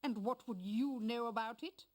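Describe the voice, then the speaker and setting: A woman's voice: fairly high pitch, moderate pace, darkish tone, close to an everyday voice. An actress voicing a haughty, vain woman in a video game who sees herself as a fashion trendsetter, making grand pronouncements.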